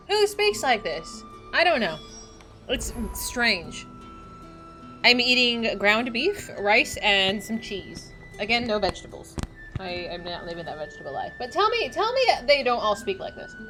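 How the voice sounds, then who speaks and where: A woman streamer chatting casually over her gameplay. Her mid-pitched voice swings up and down a lot, lively and playful. She reacts in big, exaggerated bursts. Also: moderate pace, faint music behind. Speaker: livestream gamer.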